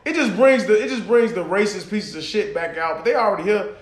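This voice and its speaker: A man's voice: high-pitched, a little fast. A young man co-hosting a podcast, chatting loosely with lots of cursing and laughter. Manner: loose, profane, laughing banter. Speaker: podcast co-host. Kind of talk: casual chat. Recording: echoey room.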